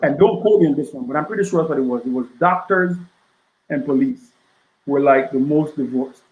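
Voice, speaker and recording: A man, an author guesting on a laid-back podcast, talks a little fast, his voice pitched slightly high for a man. Rhetorical questions and a recurring "right?" drive his points, and the audio sounds phone-quality with a clear room echo.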